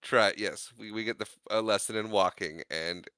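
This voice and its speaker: A man with a lower voice that still sounds bright and smooth recaps a film for a podcast. He talks casually, laughs often and drops into quick character voices as he retells scenes. The sound is dry and close, with no room echo. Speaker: podcast co-host. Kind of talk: casual movie recap chat.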